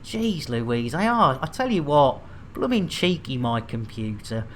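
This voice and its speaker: A man's voice: medium pitch, sing-song, measured pace, a bit bright. Male streamer, chatty and jokey, addressing his viewers. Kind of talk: casual game streaming chat.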